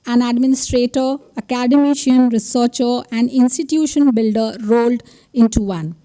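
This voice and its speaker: A woman's voice: a little high, mellow. A woman, the master of ceremonies, reading a formal introduction of a speaker at a podium mic in a ceremony hall. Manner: measured, listing credentials.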